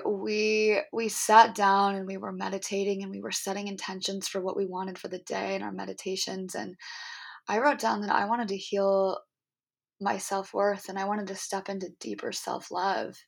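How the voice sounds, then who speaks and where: A woman's voice: medium pitch, flat delivery, moderate pace, vocal fry, husky. A young adult woman hosting a podcast, telling an emotional spiritual story in an earnest, rambling way with many fillers and restarts. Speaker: podcast host.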